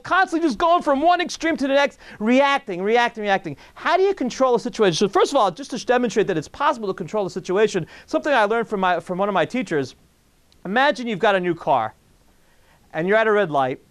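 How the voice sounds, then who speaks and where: A man, a rabbi, giving a jokey, animated talk to an audience, acting out little scenes and asking the room questions. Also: sits high, clear, resonant tone. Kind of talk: lively lecture to an audience.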